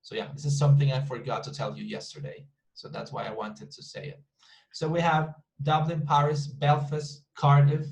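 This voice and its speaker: This online English lesson comes from a man with a medium-pitched, gravelly voice, and the audio is poor. Spanish is his first language; he frequently restarts and repeats words to demonstrate how they sound.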